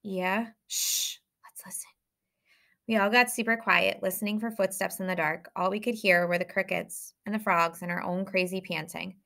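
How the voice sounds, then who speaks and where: A woman reading a novel aloud, telling a lively first-person story. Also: medium pitch, fairly quick, gravelly, few pauses. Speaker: audiobook reader.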